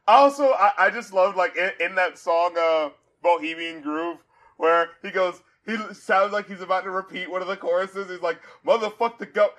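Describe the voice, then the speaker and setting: A man hosting a casual album review podcast, animated and profane, quoting lyrics aloud and laughing often. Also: sits high, normal speed.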